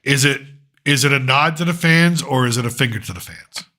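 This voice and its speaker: A man's voice: mid-range voice, brisk, pushed and bright. A middle-aged man hosting a pop culture commentary show, ranting sarcastically and swearing freely. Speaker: host.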